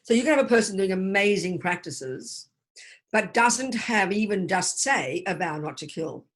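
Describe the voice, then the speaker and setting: An older woman gives a Buddhist teaching over a video call. Her voice is husky and sits at a middling pitch. She talks in a forthright, emphatic way and repeats her key phrases. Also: animated, moderate pace.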